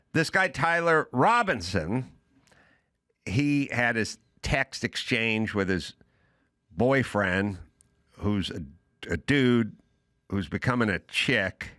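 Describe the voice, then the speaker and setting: Man, podcast host, sardonic rant, bright, dry close sound. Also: medium pitch, no echo. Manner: sardonic ranting, acts out others' voices in quotes. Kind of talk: casual opinionated monologue.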